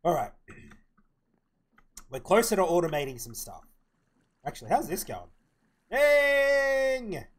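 A man's voice: a little high, sing-song, normal speed, pauses often. Man thinking aloud while gaming. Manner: mumbling to himself, thinking aloud. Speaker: streamer. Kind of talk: casual live-stream commentary while playing.

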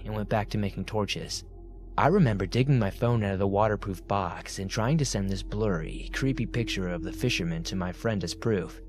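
Low-voiced man narrating horror stories. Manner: steady storytelling, drops to a hushed low tone in tense passages. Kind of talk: scripted horror story narration. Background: faint background music.

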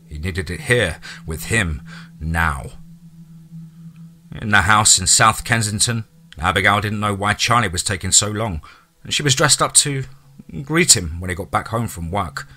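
A man narrating a horror story theatrically, dropping low and quiet for suspense. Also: moderate pace.

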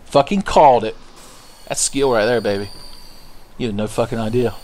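A man's voice: medium pitch, moderate pace, darkish tone. A man giving casual, profane, sarcastic commentary while playing a video game. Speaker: gameplay commentator. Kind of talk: casual let's-play commentary.

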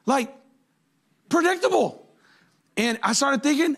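A man in his forties preaching a sermon as a pastor, telling jokey stories with sudden high-pitched outbursts. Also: animated, a little fast, fairly bright tone.

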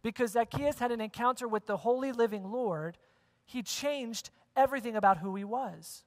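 A man's voice: very high-pitched, moderate pace. A man preaching a sermon as pastor, talking conversationally, repeating key phrases and asking the congregation questions. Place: church sanctuary. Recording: long church hall reverb.

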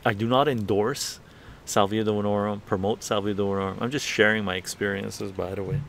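A man's voice: fairly low pitch, fairly quick, vocal fry, slight background noise. A man hosting a livestream, telling a story casually with lots of swearing and laughter. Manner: profane, laughing, animated storytelling. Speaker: livestream host.

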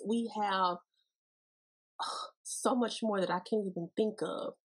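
Woman podcast host, Bible teaching, folksy and playful, breathy tone. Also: medium pitch, unhurried, low-quality recording.

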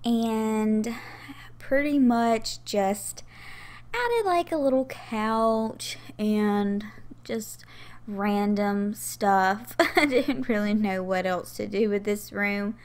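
A young woman with a drawl talks through her game build in a relaxed, rambling voiceover. She's heavily pregnant and a little out of breath, laughing easily between her ums and likes. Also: mid-range voice, drawn-out words. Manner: chatty, giggly, lots of fillers. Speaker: Sims gaming YouTuber.

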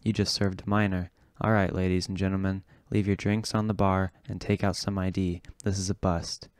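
A man reading the lines of a gruff police officer making a raid. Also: low-pitched, little pitch movement, normal speed, darkish tone, no echo, studio quality, natural voice. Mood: stern.

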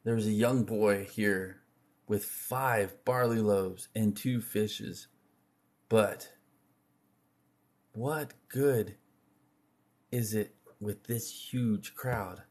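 Slow, husky male reader of scripture; low voice, measured delivery. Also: darkish tone. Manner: slow and measured, with slips and restarts. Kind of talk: unhurried reading of scripture.

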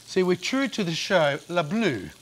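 A man's voice: high voice, very animated, a little slow, slight background noise. A man co-hosting a cooking show, chatty and jokey as he directs his partner at the stove. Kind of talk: casual cooking demonstration. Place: outdoor cooking set with a sizzling pan.

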